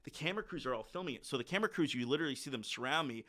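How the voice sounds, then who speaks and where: A middle-aged man talking as a podcast guest, with a bright, forward voice. He tells his stories casually and animatedly, putting on the voices of the people he quotes. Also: fairly high pitch, animated, racing. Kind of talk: casual storytelling.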